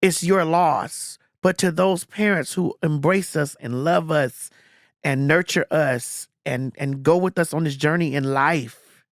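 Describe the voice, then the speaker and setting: A woman's voice: measured pace, no room sound, clean studio sound. A woman hosting a podcast in casual chat, blunt and emphatic, swearing freely. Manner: low and earnest when comforting. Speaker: podcast host.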